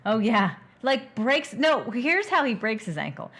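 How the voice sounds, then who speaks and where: A woman's voice: on the high side, big pitch swings, unhurried, a bit bright. A woman co-hosting a podcast in casual movie-review chat, retelling scenes step by step. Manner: chatty, recounts scenes step by step. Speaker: podcast co-host.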